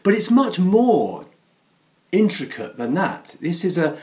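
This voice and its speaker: A man's voice: high voice, very animated, slow, darkish tone. A man, a parish priest, giving a chatty, self-deprecating sermon in a church.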